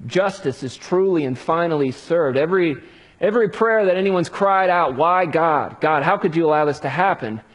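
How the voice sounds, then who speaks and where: A husky, slightly high-voiced man preaching a sermon. He builds drama by dropping into hushed pauses, then rising again for emphasis. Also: animated. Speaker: pastor.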